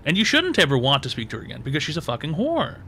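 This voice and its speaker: A man's voice: a little high, wildly swooping pitch, fast talker, pushed and bright, slight background noise. Crude, emphatic male advice host. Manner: crude, emphatic, repeats himself. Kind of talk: blunt call-in advice rant.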